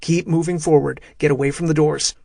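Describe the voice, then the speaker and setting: A man's voice: a little high, fairly even intonation, a little fast, vocal fry, warm tone, no room sound, studio quality, recorded from a distance. A man voicing a tough male officer giving curt orders. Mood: commanding. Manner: curt, commanding.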